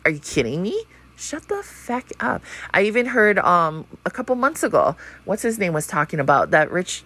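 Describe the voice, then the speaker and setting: A woman's voice: on the low side, a bit bright. A woman in her thirties talking in a blunt, profane and rambling way, full of fillers, in a casual monologue. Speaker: vlogger.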